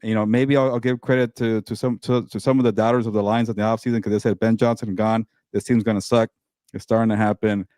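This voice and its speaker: A man's voice: fairly low pitch, flat delivery, quick pace, a little mellow, dry recording, clean studio sound. A man co-hosting a casual sports talk show, ranting in an exasperated, profane way and stumbling over repeated words. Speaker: co-host.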